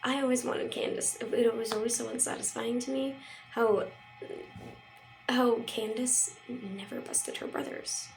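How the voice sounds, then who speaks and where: A woman's voice: on the high side, steady tone, unhurried, vocal fry, a little hiss or hum, poor audio. A young woman vlogging in a casual, rambling way, full of fillers and quoted asides. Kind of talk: casual chat.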